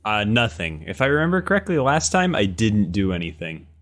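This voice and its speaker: A man's voice: on the low side, sing-song, brisk, fairly bright tone. A man playing in a casual tabletop game, stubborn and joking, swearing casually. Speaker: player.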